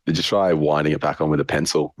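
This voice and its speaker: A man's voice: very deep voice, steady tone, fairly quick, no room sound. A young man co-hosting a casual podcast, dropping dry offhand one-liners and laughing a lot. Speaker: podcast co-host. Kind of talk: casual chat.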